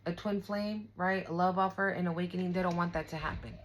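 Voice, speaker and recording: A woman's voice: fairly low pitch, steady tone, fast talker, a little hiss or hum, poor audio. A young woman giving a casual spiritual tarot reading, emphatic, emotional and profane, talking straight to her viewers. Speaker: tarot reader.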